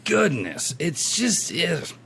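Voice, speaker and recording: Animated, excitable podcast host man. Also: a little high, slight background noise. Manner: excitable, laughs often, quick asides. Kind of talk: casual podcast chat.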